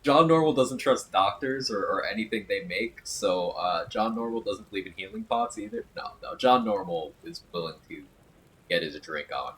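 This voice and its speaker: A man chats casually during a game stream, joking and reading live viewer comments aloud. His lowish, slightly bright voice has lively intonation at a normal speed. The low-quality recording carries slight background noise.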